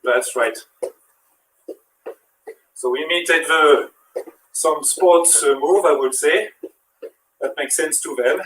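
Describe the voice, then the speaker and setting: A man with a French accent leads a workout, counting reps and coaching as he moves. His voice sits a little high. It sounds echoey and distant, as if he is far from the mic in a bare room. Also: slow pace, long pauses, fairly bright tone, slight background noise. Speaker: fitness instructor. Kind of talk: live workout demonstration.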